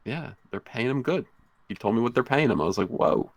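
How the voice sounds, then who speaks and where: A man who creates comics, chatting on a livestream in a joking, deadpan way over a computer mic. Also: mid-range voice, fast, no echo. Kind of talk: casual livestream chat.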